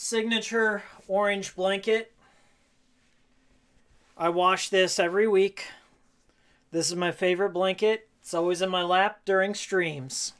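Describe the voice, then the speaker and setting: A man live-streaming casually while he cleans his game room, hoarse and losing his voice, jokey and rambling, repeating his own lines. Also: high voice, steady tone, a little slow, pauses often, fairly bright tone. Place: game room at home, indoors.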